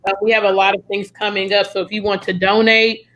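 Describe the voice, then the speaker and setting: A woman's voice: medium pitch, level tone, fast, fairly bright tone, low-quality recording. A young American woman hosting a casual podcast chat, friendly and full of fillers. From United States. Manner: chatty, friendly, lots of fillers. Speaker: podcast host.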